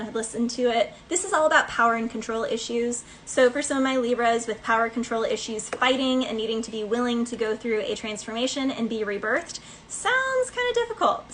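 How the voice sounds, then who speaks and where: A woman's voice: a little high, fairly even intonation, a little fast, a bit bright, slight background noise, poor audio. A woman giving a casual collective tarot reading, chatty and rambling, with many fillers and snatches of song. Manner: breaks into bits of song. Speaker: tarot reader.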